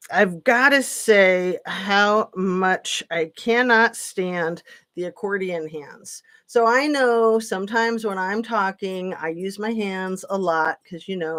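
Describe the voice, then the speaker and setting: A woman hosting a live stream, rambling and sarcastic with lots of fillers, tired late at night. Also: medium pitch. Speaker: political commentary channel host. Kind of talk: casual live-stream commentary.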